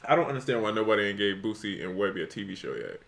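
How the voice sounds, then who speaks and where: A man's voice: lowish voice, animated, rapid-fire, creaky, a bit bright. A man co-hosting a live podcast, chatting casually in slangy, laughing banter. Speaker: podcast co-host. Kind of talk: casual chat. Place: livestream podcast.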